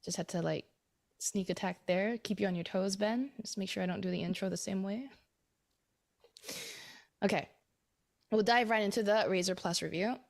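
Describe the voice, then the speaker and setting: A woman's voice: medium pitch, normal speed, creaky, pauses often. Chatty woman hosting a podcast. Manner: chatty, rambling, animated. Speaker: podcast host. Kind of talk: casual podcast chat.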